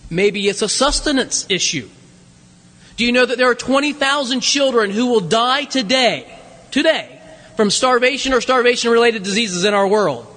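A pastor delivering a sermon, earnest and animated, reading scripture with dramatic emphasis. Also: male voice, very high voice, moderate pace. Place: church sanctuary. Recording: long church reverb.

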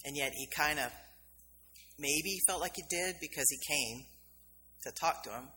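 A woman's voice: low-pitched, a little slow, pushed and bright. A woman minister giving a sermon in a conversational storytelling manner, acting out the voices of the people in her story. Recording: reverberant hall, faint background noise.

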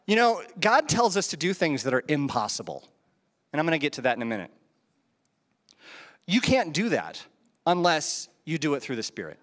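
Male pastor, high and expressive voice, chatty sermon delivery with rhetorical questions, long reverb from the hall. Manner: conversational preaching, rhetorical questions, chuckles at own asides. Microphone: handheld microphone.

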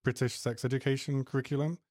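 Dry-voiced middle-aged British podcast host. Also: male voice, medium pitch, little pitch movement, fast talker, a little mellow, no echo. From United Kingdom. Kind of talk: casual podcast chat.

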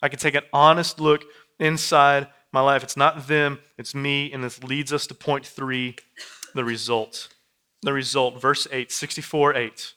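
Bright, clear-voiced preacher man. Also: medium pitch, level tone, unhurried. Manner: repetitive, building phrases, swings from hushed to loud. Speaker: pastor. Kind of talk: sermon. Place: church sanctuary.

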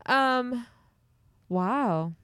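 A woman co-hosting a podcast, speaking unhurriedly in a smooth, clear voice. She drops playful, deadpan quips and restarts sentences as she thinks. Her voice is dry and close to the mic. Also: a little high, drawn-out words, dry recording. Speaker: podcast co-host. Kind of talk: casual chat.

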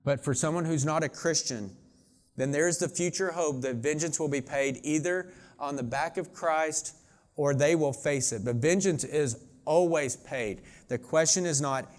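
Earnest conversational male preacher. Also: on the high side. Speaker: pastor. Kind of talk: sermon.

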